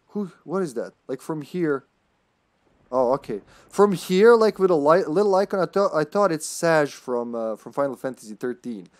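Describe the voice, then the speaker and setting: A man's voice: on the high side, darkish tone. A man streaming a retro horror game live, chatting with viewers in a jokey, rambling way. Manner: chatty and jokey, often laughing, greeting chat. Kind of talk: live gameplay commentary.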